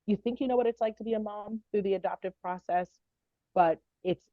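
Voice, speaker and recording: A woman guest on a podcast interview, telling a personal family story in an earnest, heartfelt, halting way. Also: mid-range voice, dry recording, narrow, tinny audio.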